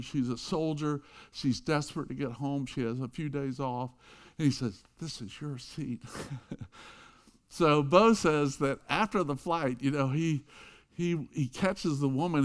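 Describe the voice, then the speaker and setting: A middle-aged man delivers a sermon in an everyday mid-range voice. He tells stories, punching some lines hard and dropping others to a near hush. His pitch sits right in the middle for a man. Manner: storytelling with wide swings between loud emphasis and hushed quiet. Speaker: pastor.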